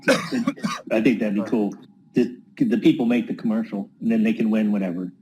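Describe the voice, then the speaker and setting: Mellow man offering halting suggestions. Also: fairly low pitch, steady tone, rough recording. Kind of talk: casual chat. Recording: faint background noise.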